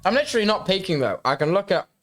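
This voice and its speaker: A man's voice: high-pitched, very animated, very fast, fairly bright tone, soft background music. A young man, a guest on a casual stream, bantering in a teasing, easygoing way. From United Kingdom. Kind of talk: casual chat.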